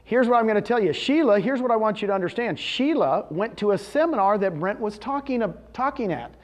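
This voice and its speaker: A man speaking live to a room of real estate agents, animated and quizzing his audience with questions, often acting out what others told him. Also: high voice, fairly quick. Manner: retells conversations in quoted voices. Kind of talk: live seminar talk.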